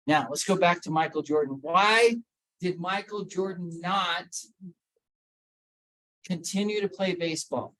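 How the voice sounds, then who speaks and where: A man's voice: sits high, unhurried, pauses often, fairly bright tone, low-quality recording. A man giving a motivational talk on mental health to a workplace audience, asking them questions and calling on people by name. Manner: emphatic, repeats key points. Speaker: workplace wellness speaker.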